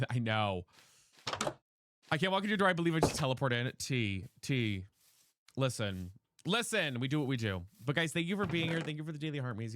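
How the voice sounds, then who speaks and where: A man's voice: medium pitch, background noise. A man streaming a game live, chatting with his viewers in a sassy, dramatic way. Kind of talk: live gameplay streaming with chat.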